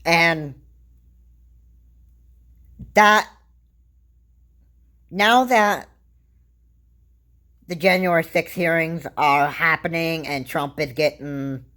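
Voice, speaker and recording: Woman vlogger, low voice, slow unhurried delivery, rambling casual commentary, halting restarts. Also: fairly bright tone.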